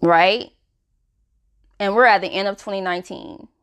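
A woman's voice: medium pitch, moderate pace, fairly bright tone, clear, resonant tone. A woman hosting a self-help podcast, talking frankly and casually with lots of "you know" fillers. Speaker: podcast host.

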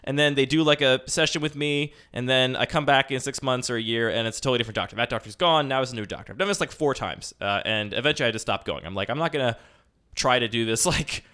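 A man's voice: medium pitch, fast, few pauses, pushed and bright, smooth. A young man co-hosting a casual chat, rambling and self-mocking with frequent laughs and restarts. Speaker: podcast co-host.

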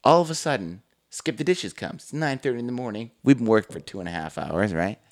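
A young podcast co-host talks fast in a lowish voice, telling stories during casual chat. He swears freely and animatedly acts out what people said.

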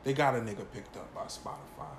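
A man's voice: medium pitch, quick pace, creaky, echoey room, heavy background noise. A man in his thirties hosting a casual podcast, joking and swearing loosely. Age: 30s. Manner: loose, profane, joking banter. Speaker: podcast host.

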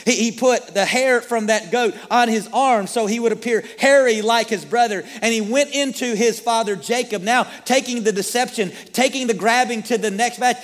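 A man's voice: high voice, a bit bright. A male pastor preaching a sermon, retelling a story and putting rhetorical questions to his listeners. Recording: long reverb of a large hall.

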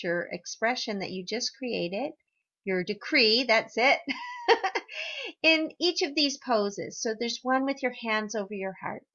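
A woman hosting a podcast, guiding listeners through an affirmation exercise in a gentle, encouraging way with a few fillers. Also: on the high side, lo-fi sound. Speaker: podcast host, wellness guide.

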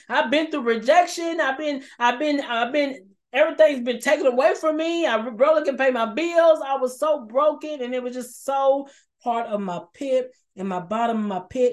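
A woman's voice: fairly high pitch, a little mellow. A woman preaching an emotional, repetitive sermon and sharing her own testimony of struggle. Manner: passionate, repetitive, emphatic; shares personal testimony.

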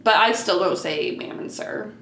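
A woman's voice: mid-range voice, normal speed, fairly bright tone. A woman in her twenties from the American North, co-hosting a podcast in casual, blunt, chatty talk. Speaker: podcast co-host. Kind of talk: casual chat. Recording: echoey room with faint hiss.

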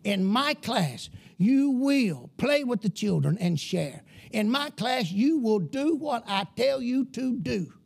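A man's voice: very high-pitched, lively intonation, vocal fry, full character voice. A man quoting a stern female teacher. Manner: firm, measured, repeating commands. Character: stern firm female schoolteacher.

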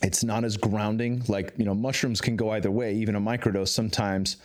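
Low-voiced man telling stories casually. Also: steady tone, brisk. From California, Bay Area. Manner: rambling, loose, with frequent fillers and restarts. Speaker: podcast guest. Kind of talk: casual conversation.

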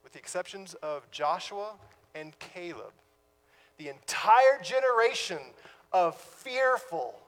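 Guy preaching a sermon, high voice, slows way down for effect, big echoey church hall. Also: expressive. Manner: dramatic, slows down for emphasis, drops to a hush. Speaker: pastor.

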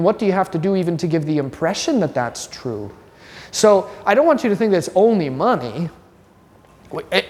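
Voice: medium pitch, long reverb tail. A religion teacher giving a classroom lesson in a conversational, joking way, quizzing students by name.

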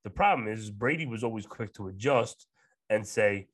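A man with a fairly low voice co-hosting a laid-back podcast. He gives blunt, opinionated takes in a rambling way, full of fillers and restarts. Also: animated, moderate pace, fairly bright tone, no room sound. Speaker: podcast co-host. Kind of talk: casual chat.

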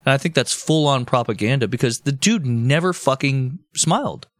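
A man's voice: mid-range voice, moderate pace, no echo, clean studio sound. A man co-hosting a casual history podcast, rambling and swearing as he tells stories. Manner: animated, profane, rambling. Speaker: podcast co-host.

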